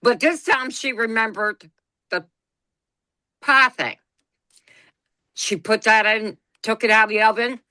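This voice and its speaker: Woman, bright, close and dry sound, blunt, folksy storyteller. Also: a little high, unhurried, pauses often, dry recording. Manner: folksy, blunt, laughs through her stories. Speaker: podcast co-host. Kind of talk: casual storytelling chat.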